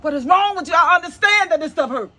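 A man's voice: very high voice, animated, quick pace, bright, forceful tone, exaggerated voice. Older preachy mother-in-law, folksy and scolding, voiced by a man. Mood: exasperated. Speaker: comedy sketch actor.

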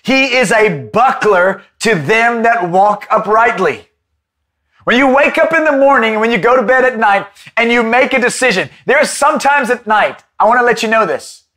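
A man preaching an impassioned Bible-study sermon, rising at times to a shout. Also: very high-pitched, animated, normal speed.

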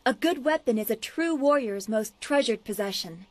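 Woman playing an earnest young warrior student, game role, higher voice. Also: expressive, moderate pace, a little mellow, dry recording, close to an everyday voice. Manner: earnest, respectful. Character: earnest young female martial arts student.

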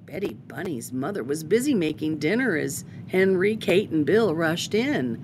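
A woman host reading a children's picture book aloud, expressive and unhurried. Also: lowish voice, a little hiss or hum. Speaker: storytime host.

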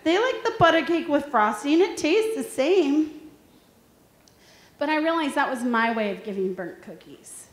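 A woman's voice: high voice, measured pace. A woman in her thirties presenting a workshop, telling funny stories and asking the audience questions. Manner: lively storytelling, asks the audience questions. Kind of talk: humorous motivational talk to an audience. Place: large room with an audience. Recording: echoey room.

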